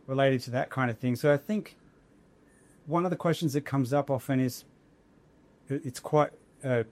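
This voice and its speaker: A man's voice: mid-range voice, moderate pace, darkish tone. Thoughtful man explaining ideas aloud. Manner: thoughtful, searching for words with frequent restarts. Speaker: academic guest explaining linguistics. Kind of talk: conversational explanation.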